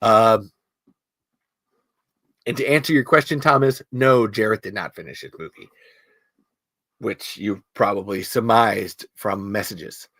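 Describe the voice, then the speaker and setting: A man's voice: fairly low pitch, unhurried, long pauses, a bit bright, dry recording. A man hosting a podcast in casual chat, rambling with restarts and fillers. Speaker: podcast host.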